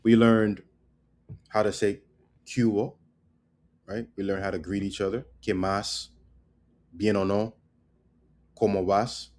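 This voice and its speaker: A man giving a casual spoken language lesson, loose and repetitive, tagging "right?" onto his points and drilling words slowly. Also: lowish voice, little pitch movement, darkish tone. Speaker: language teacher.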